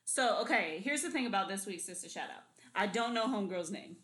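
A woman co-hosts a podcast from home, chatting casually with slang, swearing and frequent laughter. Her voice sits mid-pitch and rings in a roomy, echoing space. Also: animated, fairly quick, fairly bright tone. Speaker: podcast co-host. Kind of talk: casual chat. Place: home room, people outside. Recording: roomy echo.

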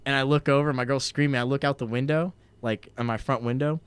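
A man's voice: medium pitch, fairly even intonation, fast, smooth, no room sound. A young man in his twenties tells a story to his friends in a loose, meandering way. He fills the gaps with "like" and swears casually. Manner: rambling, profane, heavy on filler "like".

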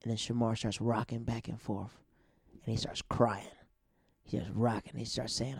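A man in his thirties telling a personal story in a loose, rambling way, full of slang fillers, dropping his voice to a hush for quoted lines. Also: medium pitch, little pitch movement, moderate pace, vocal fry, husky, no echo, studio quality.

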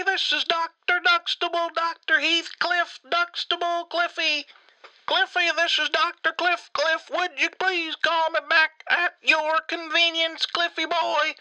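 A man voicing a pompous doctor and father who leaves a rambling, fussy voicemail in a high strained falsetto. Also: pushed and bright, exaggerated voice, poor audio. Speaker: prank caller. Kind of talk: prank voicemail impression. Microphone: voicemail recording.

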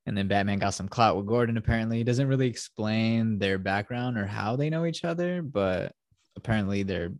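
A man hosts a casual podcast, retelling a film in a rambling way with lots of fillers and swearing. His voice sits on the low side. The sound is dry and close. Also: brisk, no echo. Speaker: podcast host.

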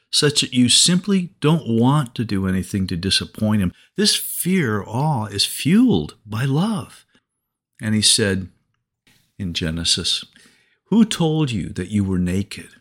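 Lively-voiced male preacher. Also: medium pitch. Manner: storytelling, expressive. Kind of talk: sermon podcast.

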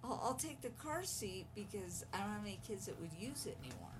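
A woman's voice: mid-range voice, very animated, fast, a little hiss or hum. A middle-aged woman co-hosting a podcast in casual chat, talking hesitantly with many fillers and closing out the show. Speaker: podcast co-host.

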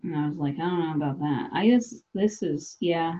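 A woman's voice: low voice, normal speed, dark tone, highs cut off. A woman from South Dakota hosting a podcast, chatting loosely and laughing as she acts out what people say. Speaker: podcast host. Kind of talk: casual chat.

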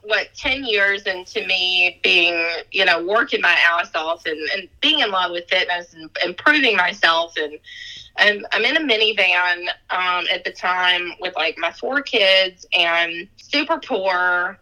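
A woman's voice: on the low side, unhurried, bright, forceful tone, low-quality recording. A woman in her thirties, a fitness coach, talking in a heartfelt, gushing way on a podcast, full of "like" and laughter. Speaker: fitness coach and gym owner. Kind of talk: emotional podcast conversation.

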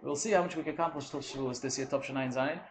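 A man giving an animated Torah lecture, switching between English and Hebrew terms and acting out complaints. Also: medium pitch, rapid-fire. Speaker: Torah teacher. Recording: echoey room with faint hum.

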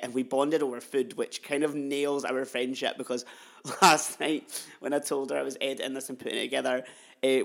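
A young man hosting a casual podcast interview, gushing and effusive, talking warmly about his guest. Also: medium pitch, vocal fry. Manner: gushing, effusive, laughs often. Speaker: podcast host.

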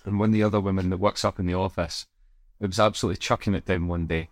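Relaxed man, low voice. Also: very fast, no room sound, clean studio sound. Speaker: podcast co-host. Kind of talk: casual chat.

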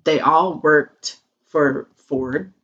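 A woman's voice: deep voice, very slow, fairly bright tone, muffled recording. A woman from Michigan co-hosting a podcast in casual, agreeable chat, laughing easily. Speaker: podcast co-host.

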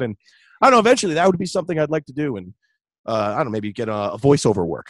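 A young man, a radio host, chatting casually in an interview, relaxed and full of "dude" and "like". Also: on the low side, fast talker, no echo. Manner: laid-back, chatty, says "dude" and "like" often. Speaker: radio host and metal vocalist.

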